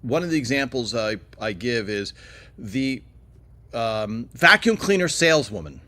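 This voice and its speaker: A man's voice: mid-range voice, big pitch swings, a little slow, bright, forceful tone. Chatty man hosting a livestream. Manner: chatty, rambling, with many fillers and asides. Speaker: livestream host. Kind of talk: casual livestream chat answering viewer questions.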